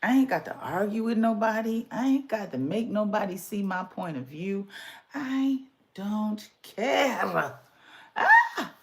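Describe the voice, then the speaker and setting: A woman hosting her podcast with sassy, animated casual commentary, talking straight to her audience. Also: on the high side, vocal fry. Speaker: podcast host.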